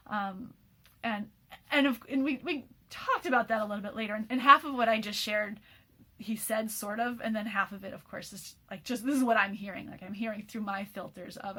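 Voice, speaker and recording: A woman's voice: medium pitch, fairly quick, sharp tone. A woman in her forties, tired after a sleepless night, talking candidly in a rambling personal message with frequent restarts and light laughter. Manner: laughs often mid-sentence. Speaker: program host.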